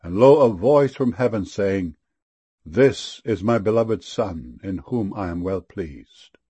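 A man giving a solemn King James Bible reading, measured and reverent, lingering on key words. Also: fairly low pitch, animated, dark tone, husky. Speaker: scripture reader.

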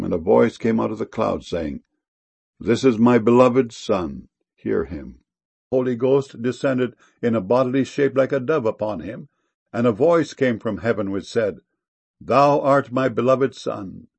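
A man giving a solemn King James Bible reading, measured and reverent, lingering on key words. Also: mid-range voice, expressive, vocal fry, a little mellow, breathy edge. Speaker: scripture reader.

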